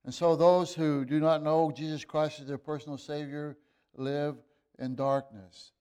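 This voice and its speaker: A man preaching a sermon, reading scripture aloud and explaining it in a halting way, with fillers and restarts, rising to emphatic bursts. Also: on the high side, little pitch movement, warm tone, clear, resonant tone. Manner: reads scripture in old-fashioned wording.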